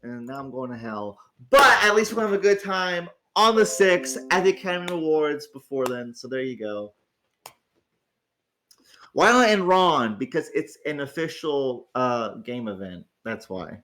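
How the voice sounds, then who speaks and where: Groggy male stream host, raised pitch, loose profane rambling delivery. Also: expressive, a little slow, sharp tone. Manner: rambling, swears freely, stammers on restarts. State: tired, groggy. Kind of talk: casual livestream chat.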